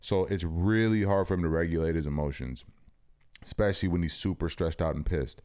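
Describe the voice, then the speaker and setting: A man in his thirties co-hosting a podcast, telling animated stories and swearing casually. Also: sits low, fairly quick. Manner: animated storyteller, swears, acts out family voices. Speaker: podcast co-host. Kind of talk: casual chat.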